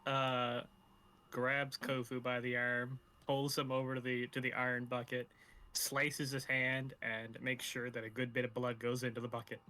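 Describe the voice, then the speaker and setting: A man narrating as dungeon master in a tabletop game, pausing with fillers as he describes the scene. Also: mid-range voice, monotone, bright, forceful tone.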